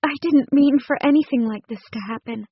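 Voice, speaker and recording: Woman reading a vulnerable pregnant young woman, pleading, higher pitch, husky, dull lo-fi audio. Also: fairly quick, no room sound. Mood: anxious. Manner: pleading, tearful, raised pitch.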